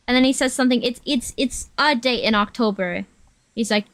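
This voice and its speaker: Chatty woman streamer, bright voice. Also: fairly high pitch, quick pace, dry recording. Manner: chatty and rambling, full of asides. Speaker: VTuber streamer. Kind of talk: casual chat during a work stream.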